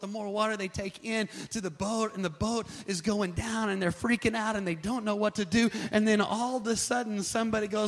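A man preaching a sermon, moving from quiet, conversational passages to loud, drawn-out emphatic lines. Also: sits high. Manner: builds from quiet to shouting, dramatic slow emphasis. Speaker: pastor.

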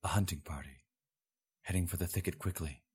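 A man's voice: sits low, brisk, a little mellow, husky. A man voicing a tense male spy who talks in a hiss or a whisper, in an audiobook reading. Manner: whispering, hissed. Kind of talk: audiobook character voice.

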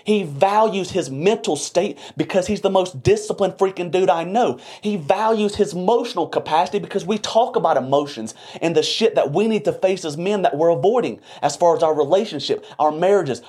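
A man's voice: high voice, lively intonation, fairly quick, hardly any pauses, darkish tone, slightly rough. A young adult man co-hosting a podcast, delivering a heated, preachy and profane motivational rant about strength and discipline. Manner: fiery, preachy, blunt and profane. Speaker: podcast co-host.

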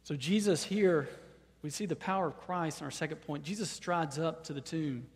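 Man preaching in an echoing hall. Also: moderate pace. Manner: preaching with surges to loud, high-pitched proclamation; repeats words when starting phrases. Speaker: pastor. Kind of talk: sermon.

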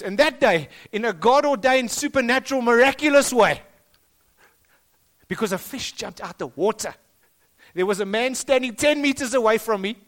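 South African male pastor, high-pitched, emphatic sermon delivery with repeated phrases. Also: fairly bright tone. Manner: emphatic, rising and dropping for stress, repeats phrases. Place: school hall.

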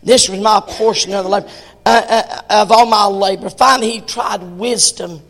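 A male pastor preaching a sermon in a church, swinging between shouts and hushed tones. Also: high-pitched, steady tone, normal speed, in a large hall.

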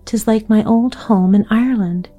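A woman's voice: fairly high pitch, moderate pace, warm tone, soft background music, close to an everyday voice. A woman reading aloud, giving the lines of a kindly old Irish grandmother. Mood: fond.

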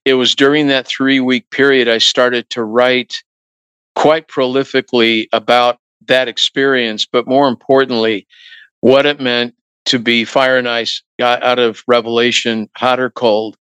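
A middle-aged male musician telling anecdotes in a relaxed interview, acting out what others said to him. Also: medium pitch, measured pace, clear, resonant tone, no room sound, rough recording. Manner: relaxed anecdotal, acts out quoted voices. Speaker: guest musician. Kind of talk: storytelling interview talk.

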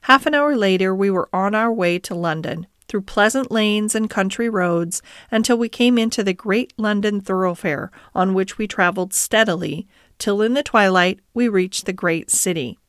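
Woman audiobook narrator, mid pitch, gentle storytelling, dry close recording. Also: moderate pace, few pauses, clean tone, no echo. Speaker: audiobook reader. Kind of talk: scripted narration.

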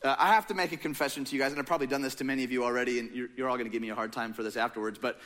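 A young man preaching a sermon in a casual, joking, animated storytelling manner. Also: medium pitch, very fast. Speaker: pastor.

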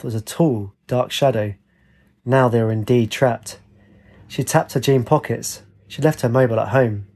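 A man narrates a story in a steady, dramatic reading. His voice is husky and sits at an ordinary male pitch. He reads at an even pace.

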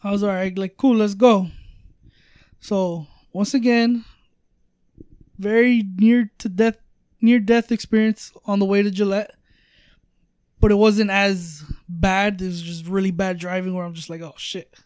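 A man's voice: high-pitched, flat delivery, unhurried, long pauses, darkish tone, clean tone, no echo, clean studio sound. A man telling a travel story in casual podcast chat, rambling with lots of fillers and swearing. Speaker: storyteller guest.

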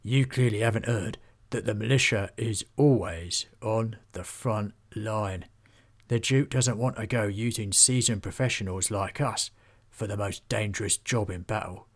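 A man voicing a gruff, bullying male sergeant of bailiffs in a storybook reading, mocking and bossy. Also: lowish voice, unhurried.

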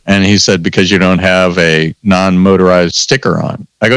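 Low-voiced man telling a wry story. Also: moderate pace, smooth, no echo. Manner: animated, acts out both sides of conversations. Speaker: podcast host telling stories. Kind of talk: casual storytelling.

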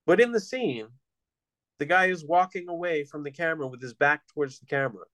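A man's voice: a little high, brisk, fairly bright tone, dry recording. A man hosting a casual film-review chat, blunt and sardonic, with some swearing. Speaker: podcast host, film reviewer.

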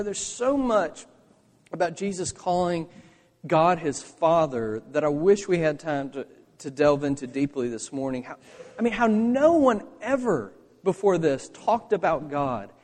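A male pastor preaching a sermon, swinging between emphatic lines and hushed asides. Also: high voice, long reverb tail.

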